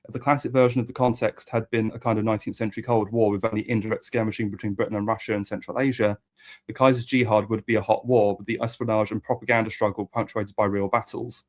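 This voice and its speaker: A man's voice: fairly low pitch, flat delivery, fast talker. A man reading a history book aloud as host and adding occasional asides.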